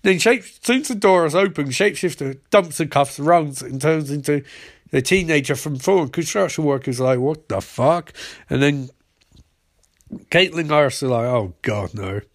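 A man's voice: a little high, normal speed. Man rambling through a comic recap. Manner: rambling, swearing, self-correcting. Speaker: comedic recapper.

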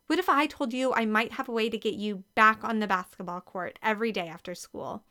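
A woman voicing an eager, girly teenage twin who gushes excitedly, in a storybook reading. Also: a little high, brisk. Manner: gushing, excitable.

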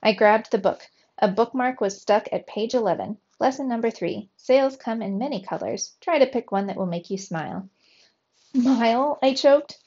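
A woman's voice: mid-range voice, normal speed, slightly rough. Woman reading a children's story aloud. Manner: lively, voices the dialogue with raised energy. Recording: slightly dull, lo-fi sound.

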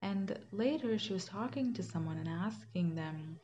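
A woman's voice: mid-range voice, expressive, normal speed, dark tone. A young woman sharing a personal faith story in an earnest, conversational way, with fillers and restarts. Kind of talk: reflective personal testimony. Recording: slightly muffled with faint background hiss.

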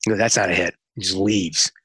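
A man with a somewhat low, husky voice tells an interview story, acting out the lines of the people he talks about. The sound is dry and close. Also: a little fast, dry recording. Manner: animated storyteller acting out dialogue. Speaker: music radio promotion executive.

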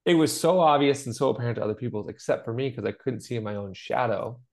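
A man's voice: medium pitch, fast talker, creaky. A middle-aged man co-hosting a podcast, talking in an earnest, storytelling way and acting out the voices of the people he quotes. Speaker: podcast co-host. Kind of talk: conversational podcast chat.

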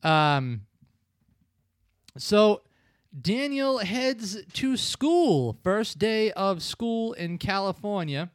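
Guy in his 30s rambling through a movie recap, bit higher voice, dry sound. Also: drawn-out words, no echo. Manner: rambling, animated, acts out scenes in voices. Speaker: podcast co-host. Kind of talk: casual movie-review chat.

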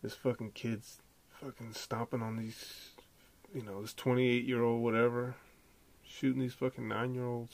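A man hosting a podcast, delivering an animated, profane, slangy casual rant. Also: medium pitch, normal speed, vocal fry. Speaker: podcast host.

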